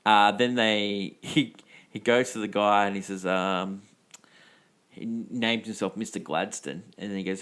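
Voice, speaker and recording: Male co-host, low voice, chatty and rambling, full of "like" and "yeah". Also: fairly even intonation, a little slow, fairly bright tone, clear, resonant tone. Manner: rambling retelling, filler-heavy. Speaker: podcast co-host. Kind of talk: casual film chat.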